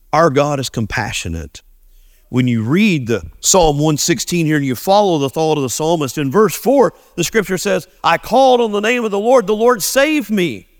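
A pastor preaching in an earnest, animated voice that swings widely in pitch, slowing and sinking low on his key phrases. His voice sits a little high for a man, and the recording is dry and close, with no room sound. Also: no echo. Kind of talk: sermon.

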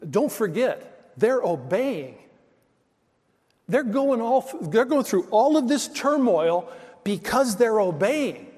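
A man's voice: very high voice, big pitch swings, takes it slowly, a little mellow, husky, long reverb tail. A male pastor preaching a sermon, telling stories in an emphatic, conversational way.

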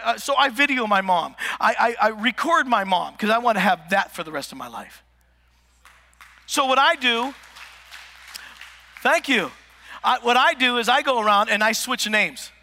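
A man's voice: very high voice, normal speed, creaky, pauses often. A middle-aged man preaching a sermon, telling stories with jokes and talking straight to the congregation in a church. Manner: animated, joking, talks to the congregation. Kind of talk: humorous storytelling sermon. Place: Pentecostal church sanctuary. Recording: church hall with long reverb.

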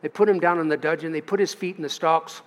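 American pastor preaching, high voice, church echo, leans hard on key words. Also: male voice, steady tone. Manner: emphatic preaching with long pauses and rising stresses. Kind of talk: sermon. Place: church sanctuary. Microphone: livestream from the pulpit. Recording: long church reverb.

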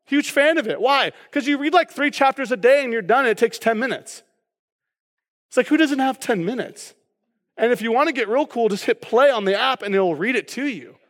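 High-voiced pastor preaching in reverb. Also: male voice, animated, moderate pace, a bit bright. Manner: casual, joking preaching with frequent "okay?" asides. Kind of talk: sermon.

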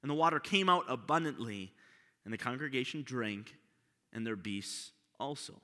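A man's voice: medium pitch, expressive, normal speed, sharp tone. A pastor preaching a sermon to his congregation, often asking them rhetorical questions. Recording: long hall reverb.

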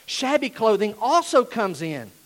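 Animated high-voiced male preacher. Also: a little slow. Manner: animated, rises to shouting. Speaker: pastor. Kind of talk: sermon.

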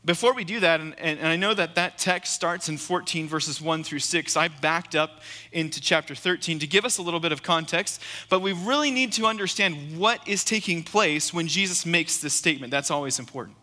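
In a large hall, a guest preacher with a fairly high, sharp voice delivers a sermon a little fast. He reads scripture, then explains it earnestly and emphatically, repeating key phrases.

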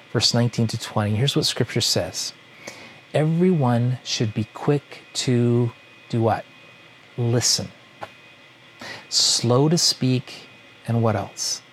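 A man's voice: medium pitch, slight background noise, rough recording. A man preaching a sermon in a conversational way, often asking the listeners questions. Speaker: pastor.

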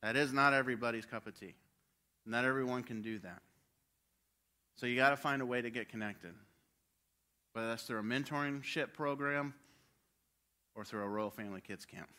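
A man preaching a sermon with passion, swinging from loud urging to hushed quiet. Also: mid-range voice, fairly even intonation, normal speed, pauses often.

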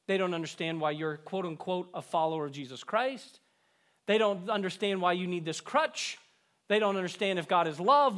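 Guy preaching a sermon, high voice, gets loud then drops way down at the end of lines. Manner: preaching with swells of emphasis, dropping low at phrase ends. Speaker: pastor.

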